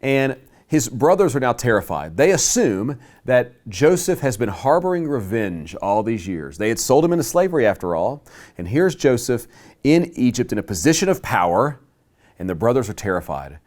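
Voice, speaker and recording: Animated male Bible teacher. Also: mid-range voice. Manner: emphatic, slows and stresses key words; live teaching to a class with handouts. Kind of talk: Bible class lecture.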